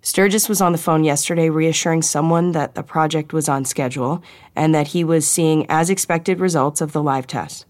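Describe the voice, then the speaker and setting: Woman reading as a low-voiced, conspiratorial woman agent. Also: normal speed, a little mellow, close to an everyday voice. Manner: conspiratorial, confiding. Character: sharp-witted woman agent on phone.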